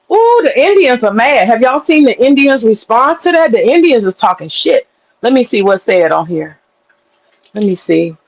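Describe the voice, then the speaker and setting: Animated, cursing woman streamer, slightly high. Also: low-quality recording. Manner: animated, profane storytelling with laughter. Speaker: livestream host. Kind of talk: casual livestream commentary.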